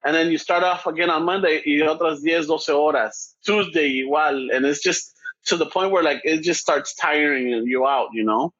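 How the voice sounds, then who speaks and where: A man's voice: fairly high pitch, normal speed, a bit bright. A man with a Chicano English accent, co-hosting a casual podcast conversation. He talks in a rambling, reflective way over a video call, slipping between Spanish and English. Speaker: podcast co-host. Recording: dull lo-fi video call audio.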